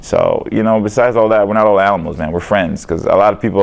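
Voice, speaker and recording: A man's voice: fairly low pitch, fast talker, gravelly. A young man, a fighter, answering interview questions in a casual, rambling way, often adding "man" and "you know".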